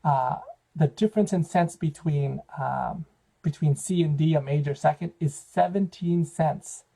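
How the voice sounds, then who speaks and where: Choir director type, man, gravelly mellow voice, patient explainer, lecture delivery. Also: fairly high pitch, a little slow, rough recording. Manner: explanatory, counts out intervals, frequent fillers. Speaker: choral director giving a lecture. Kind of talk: music theory lecture.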